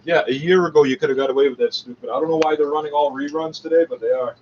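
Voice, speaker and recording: A man vents in a sarcastic, profane running rant, arguing with what he hears. The recording is dull and lo-fi, with steady noise behind him. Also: fairly high pitch, rapid-fire, few pauses. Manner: sarcastic, profane, argues back at broadcasts. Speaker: listener ranting over the radio. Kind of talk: angry running commentary. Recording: muffled lo-fi recording with clear background noise.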